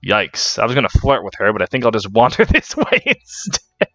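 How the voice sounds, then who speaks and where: A man's voice: fairly low pitch, huge pitch swings, normal speed, pushed and bright, dry recording, dull audio, soft background music. A man giving casual, jokey commentary on a game he is playing, laughing and swearing freely. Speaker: let's play commentator.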